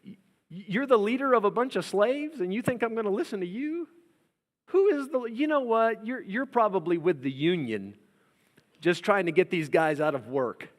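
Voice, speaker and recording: A man's voice: sits high, lively intonation, moderate pace, in a large hall, pitched above the performer's own voice. A man acting out a scoffing, arrogant king who mocks a slave leader. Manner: mocking, incredulous.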